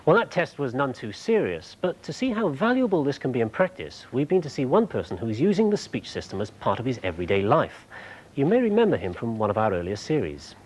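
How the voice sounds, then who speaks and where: A man presenting a TV show, explaining technology clearly with a light humorous touch in a studio. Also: medium pitch, sing-song, brisk, darkish tone, poor audio.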